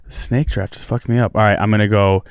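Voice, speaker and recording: A man guest in a casual group chat, wry and quick to mock himself. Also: fairly low pitch, fairly even intonation, smooth, no room sound, clean studio sound.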